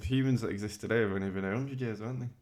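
Low-key man, fairly deep. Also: rapid-fire, darkish tone. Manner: low-key, dry, understated. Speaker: podcast co-host. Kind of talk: casual chat.

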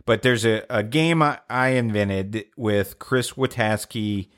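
A man's voice: lowish voice, slow, a bit bright. A man hosting a podcast, telling a long joke in a casual, hesitant, rambling way. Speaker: podcast host.

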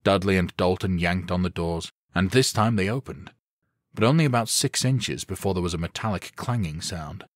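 A male audiobook narrator with a very deep voice, reading in a steady, measured storytelling manner. The recording is close and dry, with no room sound. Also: no room sound. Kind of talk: scripted narration.

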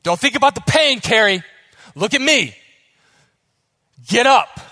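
A man voicing a gruff male coach with a Russian accent, giving loud, clipped, urgent commands. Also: extremely high pitch, lively intonation, a little slow, big-room sound, voice pushed up, exaggerated voice. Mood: urgent commanding.

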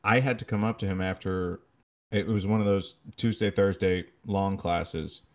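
Man, fairly low voice, animated storyteller, casual podcast banter. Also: normal speed. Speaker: podcast co-host.

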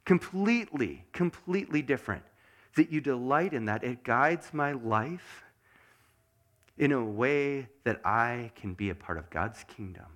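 A man preaching a sermon as pastor, asking the congregation many questions and dropping to a soft mutter to show meditation. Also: mid-range voice, unhurried. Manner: animated, asks the congregation lots of questions; drops to a soft mutter when showing meditation.

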